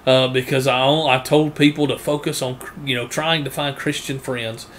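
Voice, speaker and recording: A man preaching a sermon, earnest, often repeating words and rising in pitch to press a point. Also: steady tone, normal speed, a bit bright, slight background noise.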